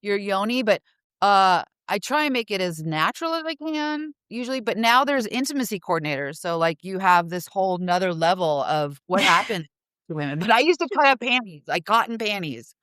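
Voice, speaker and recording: A middle-aged woman speaks in a smooth, resonant voice of medium pitch. She reminisces in a relaxed way, with lots of "like" and "you know". The recording is close and dry. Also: brisk, no echo. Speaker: costume designer guest. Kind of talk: casual interview chat.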